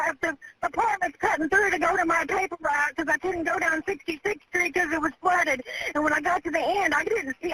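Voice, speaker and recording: A woman's voice: high-pitched, pushed and bright, no room sound. Terrified woman sobbing on a phone line. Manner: pleading, repeats herself. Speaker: caller. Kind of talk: panicked emergency phone call. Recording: telephone line with faint noise.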